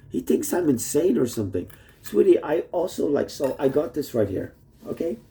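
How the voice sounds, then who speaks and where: Indoors in a home he shares with sleeping roommates, a man with a mellow, medium-pitched voice vlogs a message to his wife that curses freely and hops from topic to topic as he rambles.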